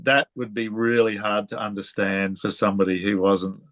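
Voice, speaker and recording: An Australian man interviewing a guest in a relaxed way, telling stories and laughing often. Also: fairly low pitch, moderate pace, dry recording. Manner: chatty, storytelling, laughs often. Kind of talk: casual conversational interview.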